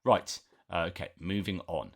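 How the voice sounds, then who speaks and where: A man's voice: deep voice, normal speed, a bit bright. A man hosting a news commentary channel, reading articles aloud and breaking off for his own asides, with frequent fillers.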